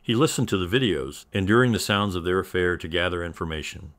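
A man reading a scripted story in an even, measured storytelling manner. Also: sits low. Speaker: narrator. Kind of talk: scripted narration.

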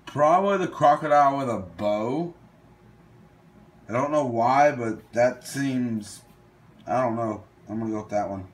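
Slow, hesitant young man thinking aloud. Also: mid-range voice. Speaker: gaming video host. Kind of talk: casual commentary while playing a quiz game.

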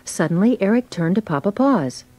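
A woman giving gentle, clear scripted narration of a storybook read-along. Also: mid-range voice, animated, moderate pace, low-quality recording.

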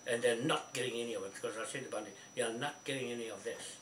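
A man's voice: mid-range voice, fast. Rambling New Zealand man, echoey and distant. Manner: rambling, many restarts and repeated words; insistent, keeps asking "see?". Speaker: speaker on a phone call. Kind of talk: rambling phone chat. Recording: echoey, distant, faint hiss.

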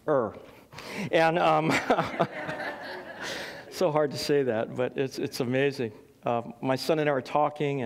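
A middle-aged man, preaching a sermon as pastor, telling stories with laughs and acting out quotes. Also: mid-range voice. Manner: animated storytelling with laughs and acted quotes. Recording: long hall reverb.

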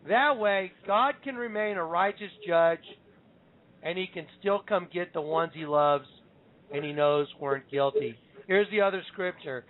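A man's voice: sits high, unhurried. A man hosting a show, teaching scripture as an emphatic storyteller who acts out the quotes. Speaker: show host. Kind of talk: Bible teaching on a call-in show. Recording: phone-line audio.

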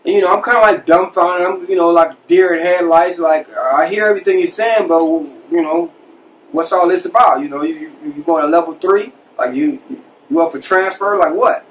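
A man tells a story from his own past in a loose, conversational way. He slips into the voices of the people he quotes. His voice sits a bit high for a man and sounds set back from the microphone. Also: moderate pace, recorded from a distance, rough recording. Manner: conversational, animated retelling with quoted dialogue. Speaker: podcast host telling a personal prison story. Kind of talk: casual storytelling.

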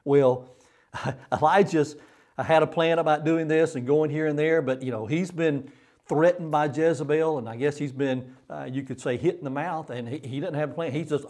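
A man's voice: on the high side, a little slow, darkish tone. A male pastor preaching a sermon in an earnest way, repeating phrases for emphasis.

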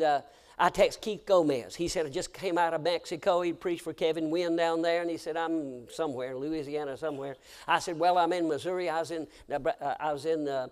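A male American pastor preaching a sermon, telling stories and swinging from hushed to shouting. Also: high-pitched. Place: church sanctuary.

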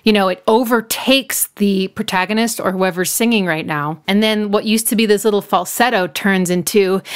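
A woman's voice: mid-range voice, clean tone. A woman giving an enthusiastic, casual breakdown of a song, now and then singing short snippets and playing with words. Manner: enthusiastic, playful wordplay, sings snippets. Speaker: music analyst.

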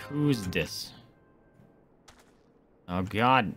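A man's voice: mid-range voice, expressive, slow, long pauses, faint music behind. A man streaming a game, chatting casually and reacting to what happens. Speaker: gaming streamer. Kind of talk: casual let's play commentary.

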